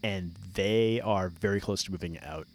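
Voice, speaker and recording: A man's voice: low voice, moderate pace. A man from Connecticut co-hosting a casual chat, teasing and asking questions. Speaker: podcast co-host.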